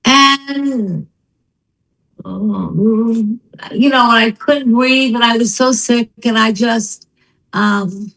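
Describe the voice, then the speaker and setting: A very slow, gravelly, slightly high voice belongs to an older woman telling her story as a guest in a casual chat. The audio is poor, yet her storytelling stays animated as she acts out quoted people.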